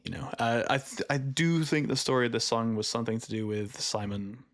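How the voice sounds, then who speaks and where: A man's voice: mid-range voice, fairly even intonation, brisk, a bit bright. A young Welsh man, a musician guest, chatting casually and self-deprecatingly on a podcast. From Wales.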